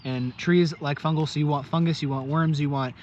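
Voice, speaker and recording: A man's voice: on the high side, fairly even intonation, brisk, a little mellow, dull audio, slight background noise. A man casually vlogging outdoors, chatty and joking as he explains planting trees. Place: outdoors in fields.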